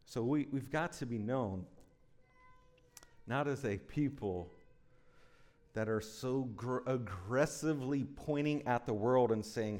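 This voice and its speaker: A man's voice: medium pitch, a little slow, darkish tone. A man preaching a sermon as pastor, intense and urgent, driving points home with emphatic repetition.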